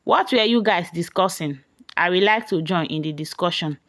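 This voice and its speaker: A woman's voice: fairly low pitch, moderate pace, a bit bright, no room sound, studio quality. Woman doing a sly accusing young brother. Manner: mocking, accusing. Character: accusing sly young man, a middle son.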